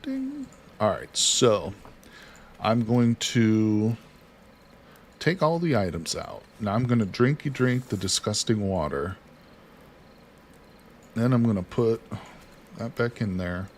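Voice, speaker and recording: Man, casual game stream host, chatty, reads viewer chat, slightly low voice. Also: big pitch swings, slow pace, long pauses, slight background noise. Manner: chatty, reads chat aloud, talks himself through actions. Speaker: livestream host. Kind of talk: casual gameplay commentary.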